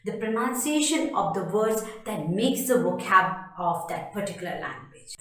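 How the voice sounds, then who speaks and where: A woman's voice: mid-range voice, animated, moderate pace. A woman teaching English pronunciation, speaking emphatically, repeating each word and spelling it out letter by letter. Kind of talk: slow spoken pronunciation lesson. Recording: very echoey room.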